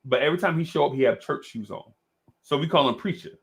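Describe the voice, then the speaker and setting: A middle-aged man telling a story in an animated, casual way, laughing often and calling his listener "bro.". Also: a little high, quick pace, gravelly. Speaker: podcast host.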